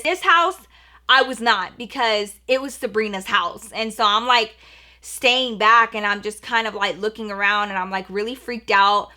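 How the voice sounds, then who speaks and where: A young woman vlogger with a bright, slightly high voice retells a story in a chatty, animated way, full of fillers. She slips into quoting other people's lines as she goes. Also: moderate pace. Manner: acts out quoted voices of her mom. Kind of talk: storytime vlog.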